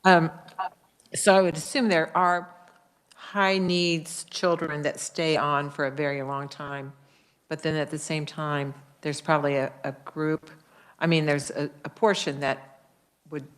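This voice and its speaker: A woman serving as a state senator, asking questions at a committee hearing in a halting, rambling way with many restarts. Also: sits low, steady tone.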